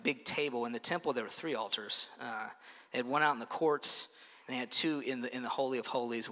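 Lively preaching man in a reverberant hall. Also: medium pitch. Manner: animated, conversational preaching with many fillers. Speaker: pastor. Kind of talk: sermon. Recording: long reverb of a large hall.

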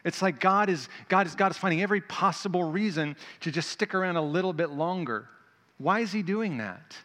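High, bright-voiced preacher in a reverberant hall. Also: male voice, fairly quick. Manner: animated, conversational, swings between loud and hushed. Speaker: pastor. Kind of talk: sermon.

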